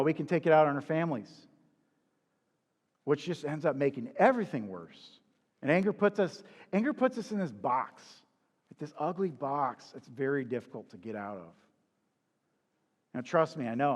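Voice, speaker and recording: A man's voice: mid-range voice, animated, normal speed, long pauses, long reverb tail. A man preaching in a conversational, confessional way, asking the listener rhetorical questions. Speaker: pastor. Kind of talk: sermon.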